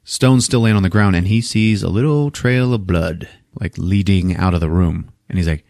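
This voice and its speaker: A man's voice: low-pitched, moderate pace, vocal fry, no room sound, clean studio sound. A man co-hosting a podcast, retelling a film scene by scene in casual, profane talk and acting out the characters' lines. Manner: profane, animated storytelling, jumps into character voices. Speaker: podcast co-host recapping a film. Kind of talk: casual movie recap with acted-out lines.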